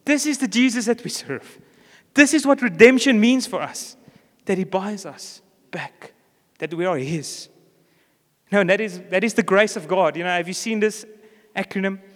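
High-voiced South African pastor preaching. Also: male voice, lively intonation, moderate pace, a bit bright. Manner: storytelling, acts out characters' lines. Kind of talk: sermon. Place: church. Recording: reverberant church hall.

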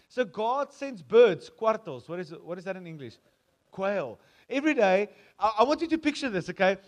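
A South African man preaching in a casual, animated sermon. His voice sits a little high for a man, and he slips into quoted voices as he tells the story. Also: normal speed. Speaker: pastor.

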